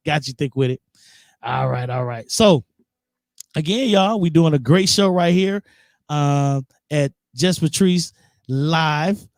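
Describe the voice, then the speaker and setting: A man's voice: on the high side, a little mellow, dry recording, studio quality. A man guest-hosting a live internet radio show, chatting casually and reading out viewer comments. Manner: laid-back, reads out viewer comments. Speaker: guest host.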